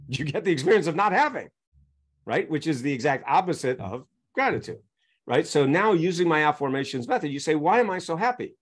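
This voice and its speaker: A man's voice: a little high, animated, fairly quick, breathy edge. A man speaking as a coaching guest on a podcast, explaining his method through examples and constantly checking in with his listeners. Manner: teaches through examples, keeps checking in with "right?".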